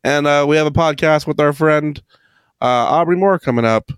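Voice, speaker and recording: A man guest-hosting a podcast, wrapping up the show in a relaxed way with plenty of "uh" and "um". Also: a little high, clear, resonant tone, no room sound, studio quality. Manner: relaxed, halting with filler words. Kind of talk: casual show wrap-up.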